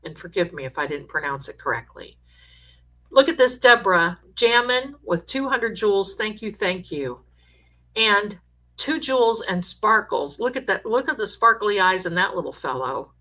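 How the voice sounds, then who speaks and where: Bright, effusive woman livestream host. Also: mid-range voice, very animated, moderate pace. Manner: effusive, thanking viewers by name. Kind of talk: casual livestream chat.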